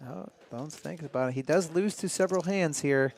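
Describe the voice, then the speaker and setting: A man co-commentating live poker, easygoing and quick to agree and laugh. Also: fairly high pitch, vocal fry, slight background noise.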